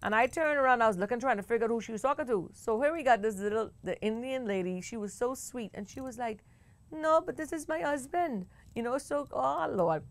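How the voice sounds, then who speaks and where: A woman with a Bahamian accent hosting a talk show, telling a story in a chatty, animated way with bursts of laughter. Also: a little high, quick pace, few pauses, no room sound. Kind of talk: casual storytelling to camera.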